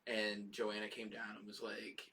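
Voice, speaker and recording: A man's voice: on the low side, monotone, moderate pace, bright, forceful tone, distant mic, a little hiss or hum. A man co-hosting a casual live talk show, telling family stories with laughs and casual swearing. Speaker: podcast co-host. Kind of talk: casual chat. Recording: voice from off the mic.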